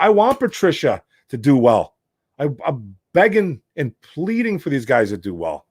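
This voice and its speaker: A man's voice: medium pitch, wildly swooping pitch, normal speed, breathy edge, no echo, studio quality. Frustrated Michigan man hosting sports talk. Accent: Detroit, Michigan. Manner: frustrated, rambling, calls listeners bro and man. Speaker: sports talk show host. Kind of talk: casual sports talk, reading chat questions.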